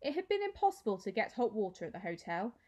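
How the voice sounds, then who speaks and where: A woman teacher reading a children's novel aloud with expressive storytelling. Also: medium pitch, quick pace.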